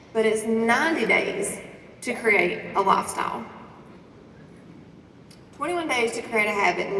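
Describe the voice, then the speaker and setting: High-voiced woman, echoey hall. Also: vocal fry, slight background noise. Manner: lively, preachy, talks straight to the crowd with questions. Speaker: conference speaker. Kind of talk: motivational talk to a live audience. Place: large conference hall. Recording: echoey hall recording from a distance.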